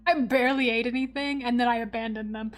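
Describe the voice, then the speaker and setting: High-voiced woman telling a story with laughs. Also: fast, soft background music. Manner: animated, laughs often, swears freely. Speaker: streamer. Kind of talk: casual storytelling while drawing on stream.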